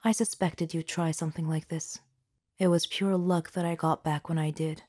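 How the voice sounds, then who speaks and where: Stern livid father, accusing, low mellow voice, storybook reading, by a woman. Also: steady tone, moderate pace. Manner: accusing, read in the narrator's own voice. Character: stern angry father confronting his children. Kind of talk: storybook narration.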